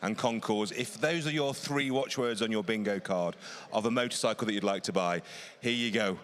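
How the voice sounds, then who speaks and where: A man's voice: fairly low pitch, normal speed, fairly bright tone. A man presenting lots on an auction live stream, upbeat and persuasive in a salesy way.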